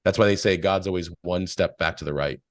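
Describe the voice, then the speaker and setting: A man's voice: deep voice, brisk, no echo. A man talking casually and reflectively as a podcast guest, telling stories with quoted voices. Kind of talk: casual spiritual talk.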